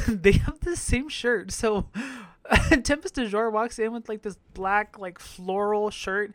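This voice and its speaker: With a high, slightly bright voice, a man hosts a podcast, giving a casual recap that's campy, profane, and full of laughter.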